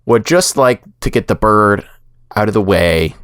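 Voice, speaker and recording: A man with a low voice hosts a casual podcast, chatty and full of fillers. His pitch jumps about a lot as he talks. The recording is dry and close, with faint music behind him. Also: a little slow, clear, resonant tone, dry recording. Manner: animated, chatty, many fillers. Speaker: podcast host.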